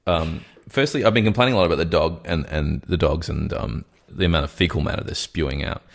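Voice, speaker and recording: Male podcast co-host, very deep voice, deadpan follow-up questions. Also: fast, creaky. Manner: dry questioning, probing for details. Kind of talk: casual comedic chat.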